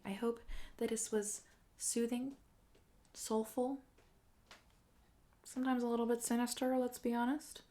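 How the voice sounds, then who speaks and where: A woman hosting her own livestream concert, closing it out casually and quickly, rambling and thanking her viewers again and again. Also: medium pitch, a little mellow. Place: home streaming setup.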